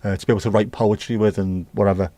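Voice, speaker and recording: A man hosting a relaxed livestream, musing aloud and chatting directly to his viewers in a rambling, easygoing way. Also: lowish voice, fast talker, no room sound. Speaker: livestream host. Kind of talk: casual chat with live viewers.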